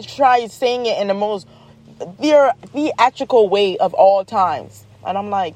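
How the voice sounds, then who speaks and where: Mellow woman, rambling and joking. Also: medium pitch, takes it slowly, pauses often. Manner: rambling, joking, animated retelling. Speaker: mother, vlogger. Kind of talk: casual storytelling vlog.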